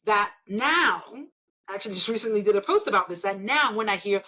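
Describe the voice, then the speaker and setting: A woman's voice: mid-range voice, expressive, fairly quick, bright, forceful tone, poor audio. Woman, interview guest, emphatic and persuasive delivery. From Nigeria. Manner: emphatic, persuasive, often tags points with "right?". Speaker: interview guest, engineer and elected official. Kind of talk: conversational interview.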